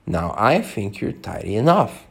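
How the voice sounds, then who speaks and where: A curious, polite young girl from a storybook, read by a man in a gentle, lightly lifted voice. The voice has a gravelly edge and moves up and down freely. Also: lowish voice, big pitch swings, a little slow, heavily acted. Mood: amused.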